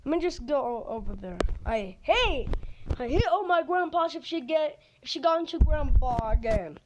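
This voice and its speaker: Excitable woman narrating gameplay. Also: high-pitched, moderate pace, lo-fi sound, noisy background. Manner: excitable, swings between shouting and whispering. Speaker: game player.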